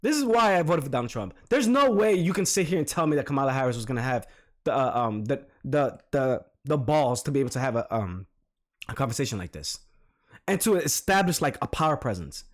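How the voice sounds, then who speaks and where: A man giving casual reaction commentary, animated and repeating phrases for emphasis. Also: medium pitch, a little fast. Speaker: reaction streamer.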